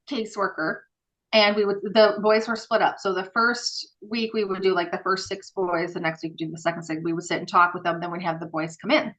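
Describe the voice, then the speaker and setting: A woman guest on a podcast, telling stories in a casual, animated way with many fillers and acted-out dialogue. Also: mid-range voice, low-quality recording. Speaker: podcast guest, former group home worker. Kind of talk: casual interview storytelling.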